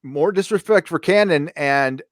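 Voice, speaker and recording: A man's voice: on the high side, measured pace, no echo, studio quality. A man co-hosting a casual live-stream chat, rambling with hesitations and blunt, profane opinions. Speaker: co-host.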